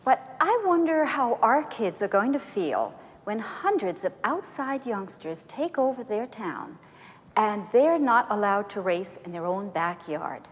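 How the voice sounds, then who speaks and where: A woman's voice: mid-range voice, big pitch swings, measured pace. An actress playing a concerned small-town woman who raises a polite but pointed objection at a meeting. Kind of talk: 1980s film dialogue. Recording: film soundtrack with long reverb.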